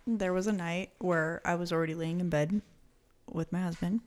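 A woman in casual chat, a lively storyteller who laughs often and swears. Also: lowish voice, moderate pace.

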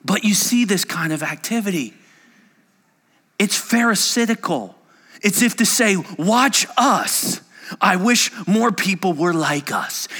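A man preaching a sermon as a pastor, animated and joking, with heavy emphasis. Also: high voice, big-room sound.

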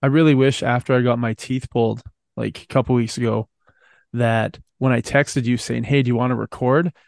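A man co-hosts a podcast in loose casual chat. He swears freely, laughs through his own anecdotes and rambles from one tale to the next. His voice sits at an ordinary pitch and is recorded close and dry. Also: fairly even intonation, a little fast, gravelly, darkish tone, no echo. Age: adult. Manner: profane, storytelling, laughs often. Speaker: podcast co-host.

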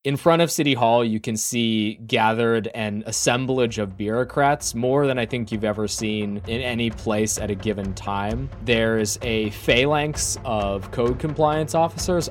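A man's voice: on the low side, a little slow, hardly any pauses, soft background music. A man narrating vividly and wryly as game master of a tabletop game.

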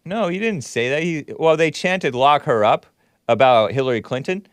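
A man hosting a call-in talk show, ranting sarcastically and reacting with quick laughs and asides. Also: a little high, no room sound. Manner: animated, sarcastic, swings loud and soft, laughs at his own jabs.

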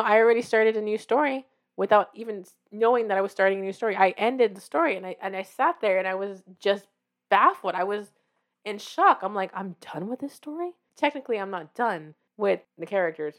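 Encouraging woman giving casual writing advice. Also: mid-range voice. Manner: warm, encouraging, directly addressing the listener; animated storyteller who acts out her own reactions. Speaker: author and podcast host. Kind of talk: casual motivational talk.

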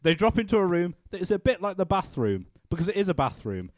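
A man reads narration and stage directions in a comedic table read, breaking off to laugh at the script. His voice is a little high and moves around a lot. The sound is dry and close. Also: very animated, quick pace, no echo.

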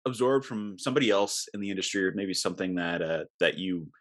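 Husky-voiced man hosting. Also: low voice, quick pace. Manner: relaxed, laughs along, asks questions. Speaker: host. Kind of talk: casual interview.

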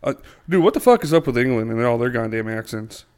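A man's voice: medium pitch, expressive, fast talker, darkish tone, smooth. Rambling profane man. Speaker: podcast co-host. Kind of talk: casual chat.

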